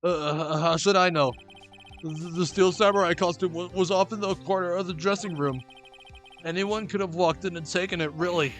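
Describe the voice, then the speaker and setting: A man's voice: high voice, fairly even intonation, moderate pace, fairly bright tone, soft background music. A man voicing a nervous, stammering male defendant in a video game.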